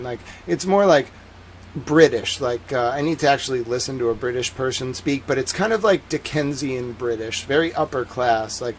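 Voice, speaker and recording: A man with a Massachusetts accent hosts a livestream. He chats in a loose, rambling way at a middling pitch and leans heavily on "like" as he works out his thoughts. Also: moderate pace, a little hiss or hum. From Massachusetts, USA. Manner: rambling, heavy use of "like" fillers. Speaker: livestream host. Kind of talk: casual livestream chat.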